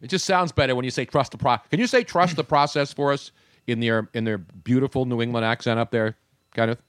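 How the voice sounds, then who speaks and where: A man's voice: mid-range voice, fairly even intonation, a little fast, clear, resonant tone, no echo, clean studio sound. A man hosting a talk show, joking and rambling in casual banter. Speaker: radio show host.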